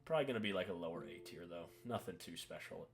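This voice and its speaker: A man giving relaxed, offhand commentary while ranking miniatures, often saying "uh" and "eh". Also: deep voice, fast talker, gravelly, over music. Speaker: hobby video creator. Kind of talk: casual tier-list commentary.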